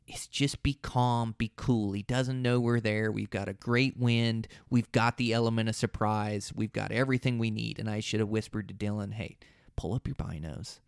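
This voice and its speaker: A man hosting a solo podcast, telling a long story in a relaxed, rambling way that often restarts mid-sentence. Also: medium pitch, clean tone, no echo, clean studio sound. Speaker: podcast host.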